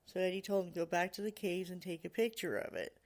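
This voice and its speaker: A podcast host telling a story in a loose, conversational way. The voice sits at an ordinary middle pitch, and the telling is packed with "you know" and "like," with small laughs slipping in between. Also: fast talker. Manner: laughs now and then while telling. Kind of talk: casual storytelling.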